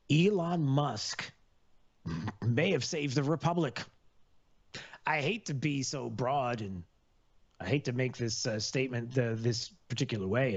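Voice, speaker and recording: A man hosts a political talk radio show in a rambling, sarcastic monologue. He keeps circling back, with many fillers and restarts. His voice sits in a middle pitch, and the broadcast audio sounds slightly dull.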